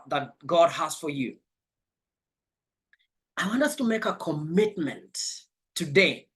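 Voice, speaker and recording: A man's voice: sits high, a bit bright. A man giving a motivational life coaching session, emphatic and spiritual, repeating his key phrases.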